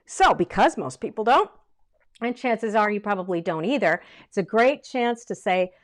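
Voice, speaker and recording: A middle-aged woman giving a livestream vocal lesson, lively and chatty, breaking into short sung demonstrations. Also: mid-range voice, moderate pace. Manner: lively, demonstrates by singing snippets. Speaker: vocal coach.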